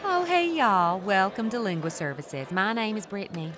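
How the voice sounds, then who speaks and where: A man's voice: high-pitched, sing-song, normal speed, sharp tone, voice pushed up, heavily acted. A man voicing a young, chirpy female waitress with a Southern American drawl. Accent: Southern US (put on). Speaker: comic character in a podcast sketch.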